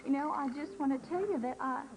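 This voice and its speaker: A woman's voice: high voice, fast, vocal fry, loud music behind the voice, low-quality recording. An actress playing a fussy, guilt-tripping older mother-in-law who talks in a wheedling, tearful quaver, in a daytime soap. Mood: self-pitying.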